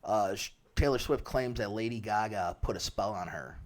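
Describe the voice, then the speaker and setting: A man's voice: fairly low pitch, normal speed. A man co-hosting a podcast in casual chat, laughing often and joking along. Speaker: podcast co-host.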